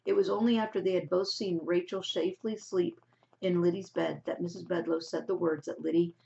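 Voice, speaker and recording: A woman teacher reading a novel aloud to her class in a steady narrating voice, on a dull lo-fi recording. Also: lowish voice, a little fast, gravelly, a little hiss or hum.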